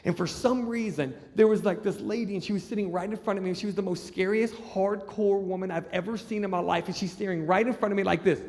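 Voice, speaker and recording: A man doing stand-up comedy, telling an animated story and acting out the people in it. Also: high-pitched, fast talker, few pauses. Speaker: comedian and juggler. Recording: reverberant hall.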